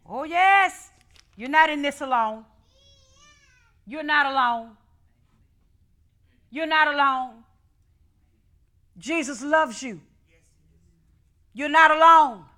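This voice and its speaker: High, bright-voiced fervent woman preacher. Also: takes it slowly, pauses often. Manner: fervent, rhythmic, repeats phrases, swings from hushed to shouting. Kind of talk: call-and-response sermon.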